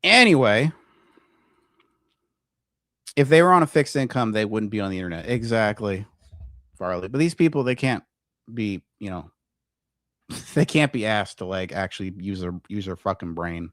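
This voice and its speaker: A man's voice: lowish voice, expressive, moderate pace, long pauses, fairly bright tone, dry recording, clean studio sound. A man hosting a livestream commentary show, ranting profanely and combatively at viewers in his chat.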